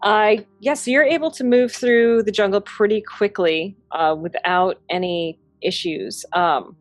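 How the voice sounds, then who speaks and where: A woman running a tabletop game as game master, narrating in a relaxed, chatty way and laughing often. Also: mid-range voice, a little slow, no room sound.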